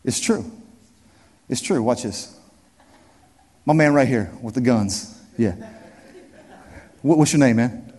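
A man's voice: mid-range voice, slow, long pauses, a little mellow. A male pastor delivering an emphatic sermon, repeating key phrases and speaking straight to his congregation. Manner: emphatic preaching, repeats key phrases, addresses the crowd directly. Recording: long hall reverb.

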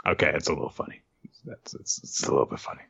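A man co-hosting a podcast, recapping a comic in an animated, rambling way with frequent laughs. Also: very deep voice, fast talker, gravelly, breathy edge, muffled recording. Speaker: podcast co-host.

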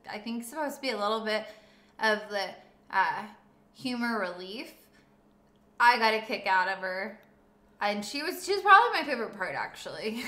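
Woman talking movies, blunt, swears a lot, bright voice in an echoey room. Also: mid-range voice. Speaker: podcast co-host. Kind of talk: casual film review chat.

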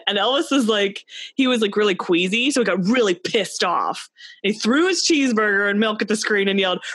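A woman's voice: medium pitch, expressive, fairly quick, a bit bright, no echo. A young woman hosting a casual chat, running a quiz and telling stories while laughing through them. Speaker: podcast host.

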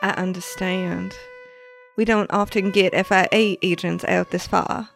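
Creaky-voiced woman role-playing a traveler. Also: on the low side, fairly even intonation, measured pace, soft background music. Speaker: tabletop game player. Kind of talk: in-character role-play.

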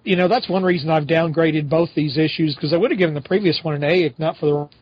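A middle-aged man co-hosting a casual podcast, talking in animated, exasperated rants. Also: fairly high pitch, fast talker, slight background noise. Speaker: podcast co-host. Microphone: home podcast microphone. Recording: slightly dull lo-fi audio.

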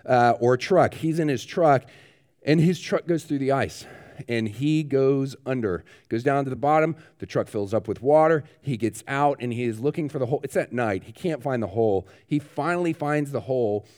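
Male pastor, mid-range voice, lively anecdotal sermon delivery. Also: mid-range voice, moderate pace. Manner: animated storyteller, rising excitement, laughs. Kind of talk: sermon storytelling.

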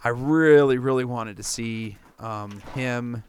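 A man's voice: mid-range voice, takes it slowly, clean tone, no echo. A man in casual conversation, laughing often and teasing his friend. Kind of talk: casual chat.

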